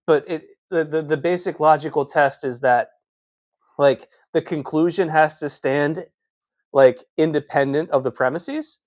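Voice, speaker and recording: A man's voice: fairly high pitch, a little slow, a little mellow, no echo. A man in casual chat, arguing his point and filling his talk with "like". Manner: argumentative, fills with "like".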